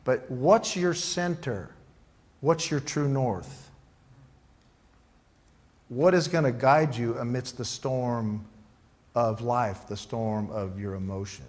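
A man's voice: medium pitch, slow pace, pauses often, a little mellow. A middle-aged man preaching a conversational sermon, informal and joking, acting out prayers and Bible quotes in little voices. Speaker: pastor.

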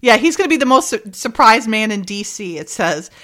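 A woman's voice: a little high, fairly quick. A woman hosting a casual podcast chat, retelling a show's plot with acted-out dialogue and frequent laughter. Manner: animated retelling, acts out dialogue, laughs often. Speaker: podcast host recapping a TV episode.

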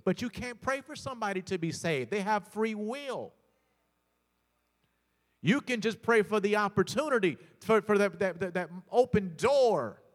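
A man's voice: sits high, lively intonation, normal speed, long reverb tail. A male pastor preaching a sermon, telling stories, often repeating words and calling out to the congregation.

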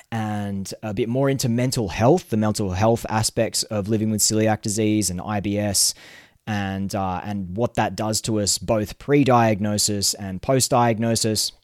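Earnest low-voiced male podcast host. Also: a little mellow, no room sound, clean studio sound. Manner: earnest, chatty, many fillers and restarts. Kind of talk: solo podcast monologue.

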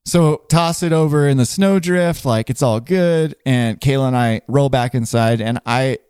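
A man's voice: medium pitch, moderate pace, a little mellow, clear, resonant tone, dry recording. Rambling storytelling man, dry close mic. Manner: rambling, laughing, lots of filler words. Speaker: guest storyteller. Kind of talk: casual podcast storytelling.

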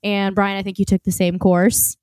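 A woman with a light Southern American accent co-hosts a faith podcast, joking at her own expense. Her voice is smooth and clear. The recording is dry and close. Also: medium pitch, level tone, normal speed, a little mellow, no room sound. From Oklahoma, USA. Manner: joking, self-deprecating. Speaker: podcast co-host. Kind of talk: casual faith podcast chat.

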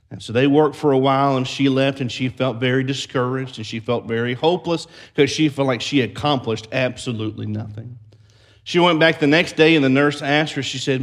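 A man's voice: mid-range voice, steady tone, a little fast. A man preaching a sermon as pastor, building emphasis through repeated phrases and storytelling. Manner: preaching with rising emphatic repetition.

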